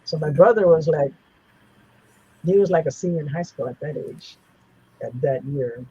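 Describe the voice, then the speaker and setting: Very husky older man, rambling storyteller. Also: on the high side, normal speed, dark tone, dry recording, lo-fi sound. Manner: rambling, with frequent restarts and fillers. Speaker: interview guest. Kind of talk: personal storytelling in a casual interview.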